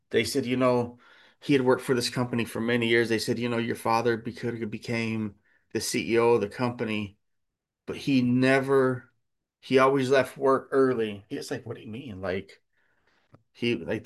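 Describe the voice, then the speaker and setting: A male pastor delivers a sermon in an easy storytelling manner. His voice sits at a middle pitch. He backtracks and restarts often, then climbs higher and louder when he presses a point. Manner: storytelling, conversational, retelling with many restarts and fillers; rises in pitch and volume when preaching a point.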